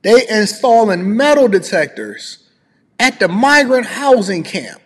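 High husky man ranting sarcastically. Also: sing-song, measured pace, in a large hall. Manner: sarcastic, emphatic, slangy. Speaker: commentator reacting to news clips. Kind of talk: ranting commentary.

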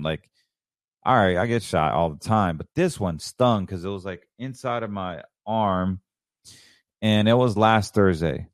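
Low voiced guy rambling on his own podcast, hyped up, dry close sound. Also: dry recording. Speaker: podcast host. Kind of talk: casual solo podcast monologue.

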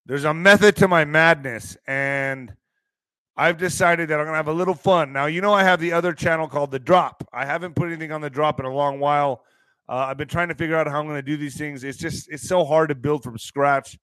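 A man hosting his own live online show, chatting casually and rambling through stories, sometimes bursting into shouts. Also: on the high side, fairly quick, dry recording. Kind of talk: casual live-stream monologue.

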